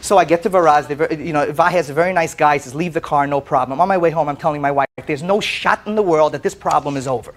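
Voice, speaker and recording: A man testifying as plaintiff on a courtroom show, telling his story in an animated way, often stammering and repeating words. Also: a little high, fast talker, hardly any pauses. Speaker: plaintiff in a TV small-claims case. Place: TV courtroom set.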